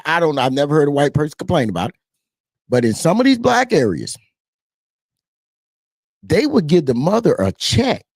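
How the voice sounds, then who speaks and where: Man, Southern twang, political commentary host, gravelly voice, lively swinging pitch, dry close sound. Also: dry recording. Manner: animated, preachy, repeats phrases, addresses viewers as y'all. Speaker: political talk show host. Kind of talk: casual political commentary to camera.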